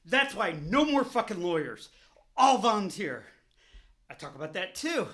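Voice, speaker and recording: A man on his own vlog, ranting in anger about politics. His voice sits high for a man, and he swears constantly, circles back and repeats himself as the fury builds. He sounds openly pissed off throughout. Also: sing-song, measured pace, bright, forceful tone. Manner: heated, profane, repetitive ranting. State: openly angry. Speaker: vlogger. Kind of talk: angry political rant to camera.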